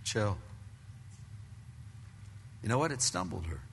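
A man's voice: mid-range voice, moderate pace, bright, forceful tone, slight background noise. An older man preaching a conversational sermon as pastor, telling stories with casual slang asides. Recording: long reverb of a large hall.

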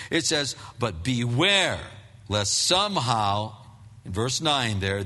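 A man's voice: on the high side, pushed and bright. An older man preaching a conversational sermon as pastor, telling stories with casual slang asides. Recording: long reverb of a large hall.

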